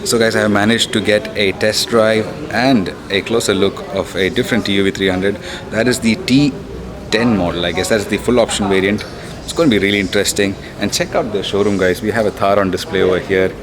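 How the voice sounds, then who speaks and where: A man's voice: fairly low pitch, fairly even intonation, fairly quick, a crowd in the background. A young man gives a casual, upbeat car review, talking straight to viewers as he walks around a showroom and a lot outside. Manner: chatty, upbeat, addresses viewers as guys. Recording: noisy street and car ambience.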